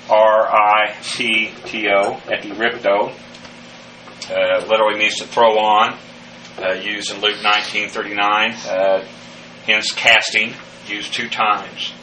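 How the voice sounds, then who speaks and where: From a distance in an echoey room with faint hiss, a man with a lowish, pushed, bright voice teaches a verse-by-verse Bible study. He spells out Greek words letter by letter and uses many fillers.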